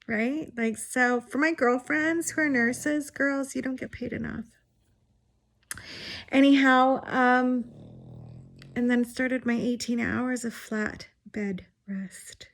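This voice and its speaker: A woman's voice: a little high, steady tone, slow, fairly bright tone. A woman in her forties telling her own hospital story on a vlog, frank and unfiltered, with the odd swear word and wry laugh. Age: 40s. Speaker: vlogger sharing her illness story. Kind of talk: candid personal storytelling.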